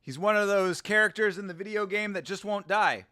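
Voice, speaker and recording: A man hosting a casual fight watch-along, excitable and jokey. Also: high-pitched, fairly quick. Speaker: host.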